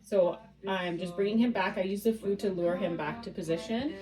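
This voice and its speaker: Calm, patient woman dog trainer. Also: medium pitch, moderate pace, poor audio. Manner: calm, patient, instructive, praises the dog softly. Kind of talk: hands-on training demonstration. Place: home living room.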